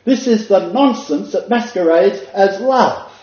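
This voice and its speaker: An older man preaches in an earnest, emphatic way, with asides to his listeners. His voice is mellow and dark. The recording is dull and echoey, as if taken in a hall. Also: high voice, animated, measured pace. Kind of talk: sermon.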